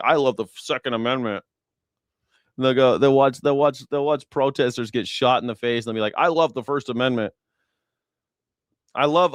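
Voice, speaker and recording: A man hosting a livestream, delivering a heated commentary rant in profane, repetitive tirades that rise into shouting. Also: medium pitch, smooth, no echo, clean studio sound. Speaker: livestream host.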